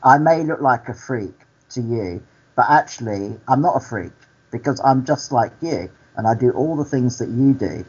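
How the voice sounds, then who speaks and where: A male actor and activist, a guest in a candid interview, speaking earnestly and telling stories at an unhurried pace. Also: mid-range voice, animated, a little mellow, slightly rough, dull audio.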